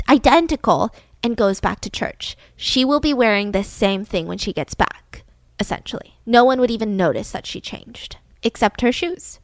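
A woman's voice: fairly high pitch, no room sound. Chatty young woman telling a true-crime story. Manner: animated, acting out scenes between asides. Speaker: podcast host.

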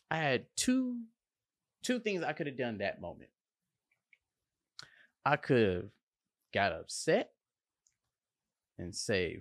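An animated man talking in a casual motivational monologue, slangy and playful, with bursts of emphasis and sound effects. He speaks at an unhurried, drawn-out pace, in a mid-range voice. The recording is close and dry, with no room echo. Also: mid-range voice. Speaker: line cook sharing a motivational story.

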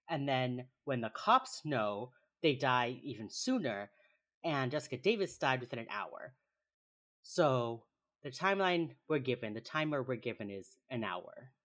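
A podcast co-host giving a casual, chatty recap of a TV episode, full of quick asides and "like" fillers. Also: medium pitch.

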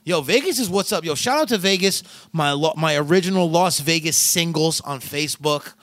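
Excitable slangy man with a bright voice. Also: a little high, normal speed. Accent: Northern California. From San Francisco Bay Area. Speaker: podcast host. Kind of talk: casual podcast chat.

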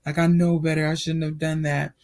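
A man's voice: a little high, little pitch movement, a little fast, darkish tone, lightly acted. A sorry, pleading boyfriend pours out his apology, as a man retells it in his own voice. The voice stays close to an everyday speaking tone, slightly raised and earnest. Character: remorseful male partner pleading sorry.

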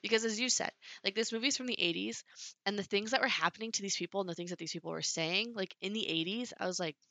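A young woman chats through a movie review with a bright, gravelly voice. She is blunt and quick to object. The sound is close and dry. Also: medium pitch, no echo. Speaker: podcast co-host. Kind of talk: casual movie review chat.

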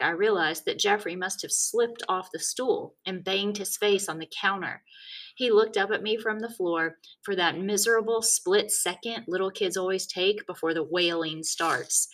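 A woman's voice: fairly low pitch, normal speed, fairly bright tone. Woman narrating a wry first-person story. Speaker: audiobook narrator.

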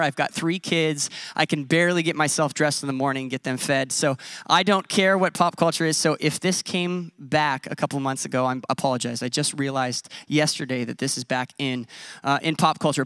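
A man's voice: a little high, a bit bright, clear, resonant tone, dry recording, clean studio sound. A man in his thirties preaching a sermon as a pastor, conversational and self-deprecating. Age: 30s.

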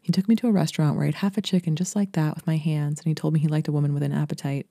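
A woman from Brooklyn narrates a literary short story in a steady, intimate way. Her voice is deep-toned and mellow, and she moves briskly through the sentences. The sound is dry and close, with no room around it. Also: gravelly, no echo. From Brooklyn, New York. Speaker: podcast host and writer.

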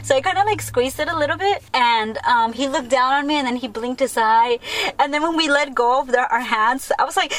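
A young woman hosting a podcast, telling a story in a casual, excitable way, full of "like" and laughter. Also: sits high, fairly quick. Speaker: podcast host.

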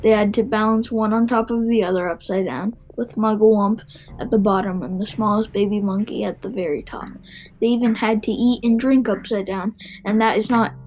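A woman reading a children's book aloud, expressive, with small stumbles and restarts. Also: medium pitch, poor audio. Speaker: narrator.

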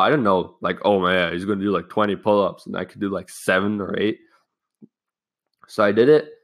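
A young man shares a personal story on his casual self-help podcast in a lowish, fairly bright voice. He's candid and loose, swearing a bit. His phrasing rambles, with restarts along the way.

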